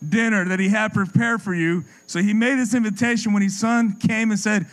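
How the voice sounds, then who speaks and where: Impassioned male preacher, higher voice. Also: fairly even intonation, fairly quick, few pauses, rough recording. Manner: impassioned, dropping low and soft for effect; repeats words when building a point. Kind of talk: sermon.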